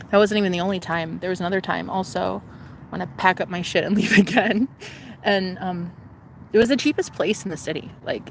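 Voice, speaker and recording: Animated, profane young woman storyteller. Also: lowish voice, slight background noise. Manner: animated, profane, jumps between voices. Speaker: vlogger telling a personal story. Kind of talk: casual storytime.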